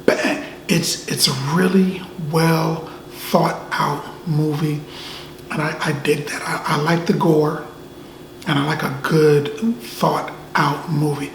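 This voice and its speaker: A man giving a casual movie review, easygoing and animated, often tacking "man" onto his sentences. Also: fairly high pitch, slow, gravelly. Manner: laid-back, says "man" often, animated asides. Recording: echoey room, faint ambient noise.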